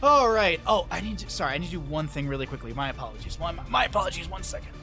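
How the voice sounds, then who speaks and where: A man's voice: a little high, expressive, rapid-fire, bright, forceful tone, soft background music. A man casting a live esports match on stream, chatty and rambling, often stopping to apologize. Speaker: esports caster. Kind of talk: live stream game commentary.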